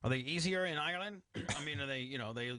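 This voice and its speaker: A man's voice: on the high side, quick pace, bright, forceful tone, no echo. A man hosting a radio show, asking brash, crude, joking questions in a casual studio chat.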